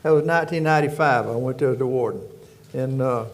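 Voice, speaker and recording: A man's voice: medium pitch, fast. An older man from Louisiana with a rural Southern accent, telling stories as an interview guest in a folksy, rambling way, often circling back with "anyway.". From Louisiana, United States. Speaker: guest, former prison warden. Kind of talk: storytelling interview.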